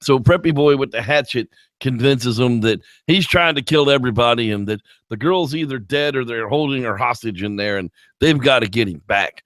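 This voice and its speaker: Animated man retelling a movie. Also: medium pitch, moderate pace, hardly any pauses, no echo. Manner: animated retelling, squeals when quoting characters. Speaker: podcast co-host. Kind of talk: casual movie review chat.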